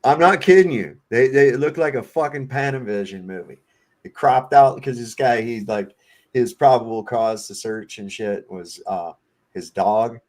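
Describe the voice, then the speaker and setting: A man's voice: mid-range voice, moderate pace, darkish tone. A man from Virginia hosting a livestream, telling casual stories with lots of swearing and laughter. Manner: profane storyteller, laughs often. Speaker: livestream host. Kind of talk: casual chat. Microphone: home streaming setup.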